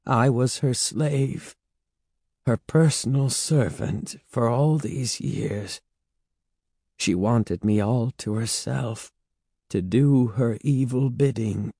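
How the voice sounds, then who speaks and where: A man's voice: medium pitch, slow pace, gravelly, warm tone, slightly rough, dry recording, clean studio sound, heavily acted. A man reading a storybook and voicing a frightened, remorseful middle-aged woman held as a servant, who talks in a sorrowful, pleading way. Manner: pleading, sorrowful, then defiant.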